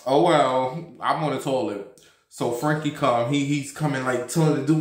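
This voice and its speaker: A man's voice: medium pitch, fairly quick, reverberant. A man in his thirties hosting a vlog, telling a story in a loose, profane, chatty way with lots of fillers. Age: 30s. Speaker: vlog host. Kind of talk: casual storytelling and gossip chat.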